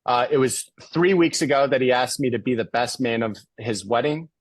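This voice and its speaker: Animated man telling a story, dry sound. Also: mid-range voice, moderate pace, no echo. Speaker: guest speaker. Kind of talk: storytelling interview.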